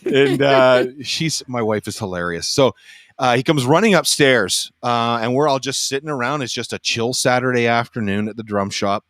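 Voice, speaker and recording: A man's voice: mid-range voice, moderate pace, no echo. A man on a roundtable panel telling a casual anecdote, acting out the lines of the people in it and swearing freely. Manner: animated storytelling, acting out quotes, swearing freely.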